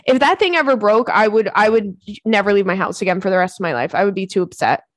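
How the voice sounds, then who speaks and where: A young woman hosting a podcast in casual chat, talking fast and swearing, laughing often and breaking into high squeals. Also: expressive, no room sound. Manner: chatty, profane, laughs often, bursts into squeals. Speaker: podcast host.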